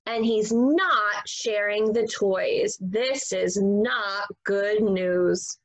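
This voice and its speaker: A woman teacher reading a story aloud to young children, animated and expressive. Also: medium pitch, extremely slow, poor audio. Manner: animated, expressive, gasping for effect.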